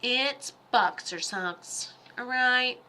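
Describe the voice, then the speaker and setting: A woman giving live psychic readings on a stream, chatty and rambling, with quick asides and quoted voices. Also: a little high, heavy background noise. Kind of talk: casual livestream readings.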